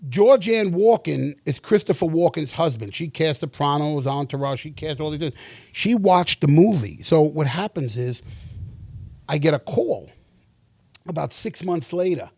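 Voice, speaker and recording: Animated storytelling man, slightly high voice. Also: measured pace, no echo. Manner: animated, acts out quoted dialogue, swears freely. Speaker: actor and interview guest. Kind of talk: casual storytelling interview.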